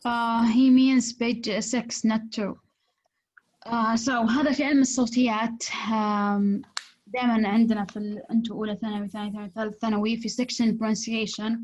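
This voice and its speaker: A woman teaching an English class, explaining slowly in English and switching into rapid Arabic. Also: a little high, level tone, darkish tone. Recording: dull lo-fi recording.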